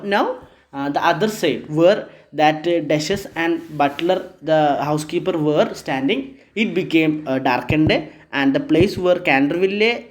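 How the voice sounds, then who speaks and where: A man teaching a story, reading lines and explaining them in simple words, with many fillers and restarts. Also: a little high. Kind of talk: explaining a play line by line.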